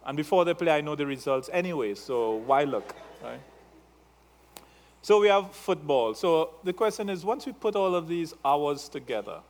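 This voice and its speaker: A male pastor with an accent, preaching a sermon in a playful way, teasing his congregation and checking in with them through frequent questions. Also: a little high. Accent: non-native English.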